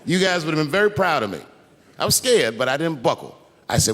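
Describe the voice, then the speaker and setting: A man doing stand-up storytelling before a live audience, animated and profane, acting out the people in his story. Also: fairly high pitch, fast talker, long reverb tail. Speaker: stand-up comedian. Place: large theater stage before a live audience.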